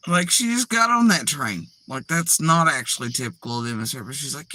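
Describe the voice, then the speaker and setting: A woman riffs through rambling, profane reaction commentary with her pitch swinging all over. Her voice has a bright, sharp edge, and she wanders off into foul-mouthed asides as she goes. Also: very animated, moderate pace, few pauses, dry recording. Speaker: commentary channel host.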